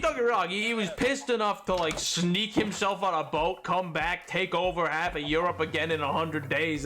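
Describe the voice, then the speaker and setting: A young man streaming a game, chatting casually in an excitable, rambling way and laughing often. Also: sits high. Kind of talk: casual live-stream chat while gaming.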